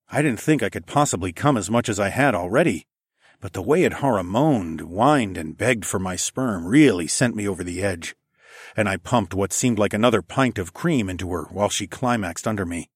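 A man with a low voice narrates an erotic audiobook in a soft, intimate, often hushed tone. The recording is dry and close. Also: breathy edge, no room sound.

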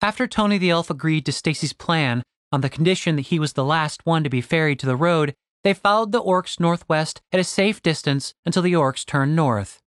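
A man narrating a comic fantasy audiobook with expressive storytelling. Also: on the high side, brisk, few pauses, no echo, studio quality. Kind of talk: scripted narration.

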